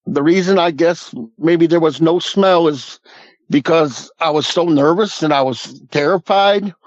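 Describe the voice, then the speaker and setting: A man's voice: fairly high pitch, measured pace, no echo, muffled recording. Earnest man in his fifties. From Southwest Missouri Ozarks. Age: 50s. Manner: earnest, folksy, repeats "I said" and "he goes". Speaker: guest. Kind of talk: recounting a personal encounter.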